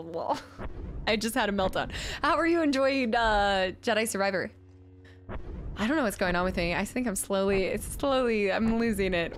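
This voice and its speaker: A woman streaming a video game, chatting and reacting excitedly as she plays. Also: medium pitch. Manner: chatty, excitable, jumps between chat and gameplay. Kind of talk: live-stream chat while playing.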